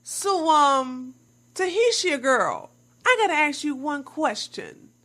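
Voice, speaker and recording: A woman's voice: high voice, very animated, slow pace. A woman delivering sarcastic commentary to her viewers, mocking the claims she reviews and calling her audience y'all. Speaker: commentary vlogger. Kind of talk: scripted commentary.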